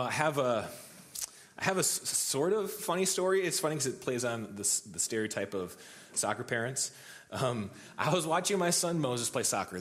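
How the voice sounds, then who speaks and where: A pastor in his thirties preaches in an easygoing, talky way, full of restarts and small fillers. His voice sits at an ordinary middle pitch for a man. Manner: conversational storytelling with many fillers and restarts. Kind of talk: sermon.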